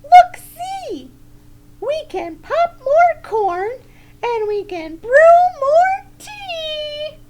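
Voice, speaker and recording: A woman voicing a small, brave storybook mouse with a very high, squeaky voice and an eager, soothing manner. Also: sing-song, very slow, dark tone, exaggerated voice.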